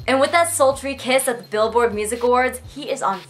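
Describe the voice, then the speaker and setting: A young woman hosting a comedic web news roundup, snarky and playful with quick jokey asides. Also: a little high. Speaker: show host.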